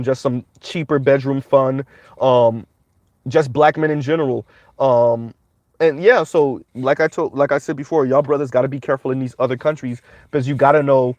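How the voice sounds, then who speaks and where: Casual guy commenting on a livestream, kinda high voice, dry sound, lots of ums. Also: a little mellow, no echo. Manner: rambling with frequent "um" fillers.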